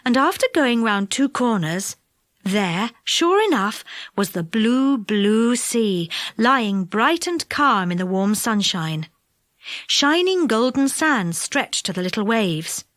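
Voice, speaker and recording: Unhurried, lively woman reading aloud. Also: fairly high pitch, dry recording, clean studio sound. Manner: expressive and unhurried. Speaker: audiobook narrator. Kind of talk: children's audiobook narration.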